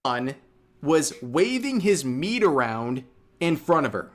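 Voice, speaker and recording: Sarcastic man narrating commentary slowly. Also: a little high, sing-song. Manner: mocking, sarcastic.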